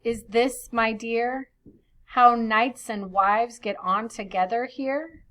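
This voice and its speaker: A woman reading the part of an ancient wife reproaching her new husband, her voice slightly raised and her delivery slow. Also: fairly high pitch, fairly even intonation, fairly bright tone. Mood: reproachful.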